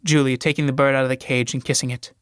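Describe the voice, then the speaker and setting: A man reading the stage directions of a play in a plain, even manner. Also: mid-range voice, fast talker, clear, resonant tone, no room sound, studio quality. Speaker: reader, audiobook narrator.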